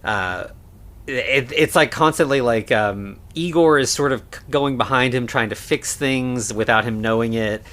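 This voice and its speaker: A man in an easy podcast conversation who talks about a film at a mid pitch. He wanders through his points with lots of "like" and "you know" and keeps restarting his sentences. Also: measured pace, a bit bright. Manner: rambling, many fillers and restarts. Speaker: podcast co-host. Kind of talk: casual movie discussion.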